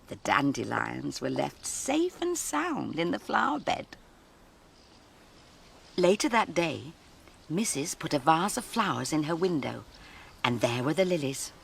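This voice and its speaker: A woman presenting a children's programme, telling a story to young children in a gentle, sing-song way. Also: on the low side, creaky, a little hiss or hum.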